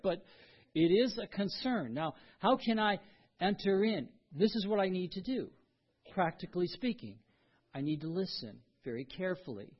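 Earnest male pastor, higher voice, preaching in swells from hushed to emphatic. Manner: earnest, swings between quiet lows and emphatic rises. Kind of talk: sermon. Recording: dull lo-fi sound.

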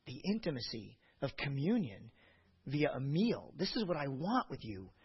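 A middle-aged man preaching a sermon, telling personal stories passionately and swinging from quiet reflection to loud emphasis. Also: medium pitch, very animated, moderate pace, slightly rough. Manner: anecdotal storytelling. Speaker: pastor. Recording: dull lo-fi recording.

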